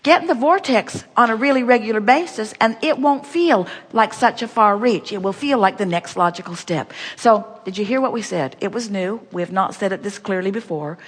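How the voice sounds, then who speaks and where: A woman's voice: medium pitch, normal speed, hardly any pauses, husky, big-room sound. A woman giving an inspirational workshop talk, speaking emphatically and repetitively, referring to herself as "we". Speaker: seminar speaker.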